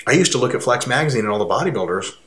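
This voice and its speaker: A man co-hosting a casual fitness talk, speaking emphatically and building his voice up high when he makes a point. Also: very fast. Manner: animated, emphatic, swings to rising pitch when making a point. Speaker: fitness coach and co-host. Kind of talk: casual conversation. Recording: roomy echo.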